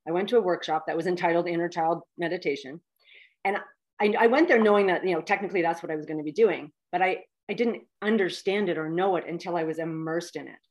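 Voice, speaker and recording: A woman's voice: fairly low pitch, fast. Heartfelt woman in her fifties. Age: 50s. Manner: heartfelt, animated storytelling with many fillers. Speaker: guest. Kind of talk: personal storytelling in conversation.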